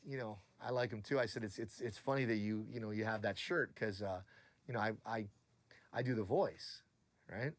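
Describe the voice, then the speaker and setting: Animated man acting out a story. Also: mid-range voice, dry recording. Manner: acts out both sides of a story in quoted voices. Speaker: voice actor. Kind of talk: animated anecdote in an interview.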